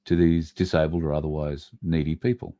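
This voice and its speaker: A man's voice: very deep voice, flat delivery, brisk. A man hosting a livestream, ranting bluntly with swearing and reading out viewer comments. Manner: blunt, swearing, ranting with sudden loud bursts. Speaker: livestream host.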